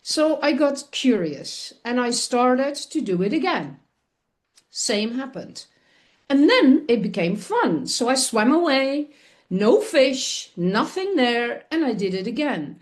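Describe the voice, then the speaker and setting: A woman with a fairly high voice shares a personal story as a talk show guest. She speaks earnestly and expressively, and often breaks off to restart a sentence as she goes. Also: expressive, unhurried.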